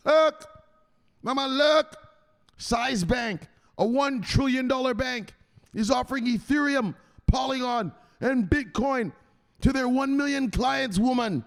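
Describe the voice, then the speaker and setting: A man voicing a boastful male crypto investor who loudly and dismissively lectures his mother. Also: very high voice, takes it slowly, vocal fry, pitched above the performer's own voice, heavily acted. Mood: boastful, insistent. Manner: loud, insistent, dismissive.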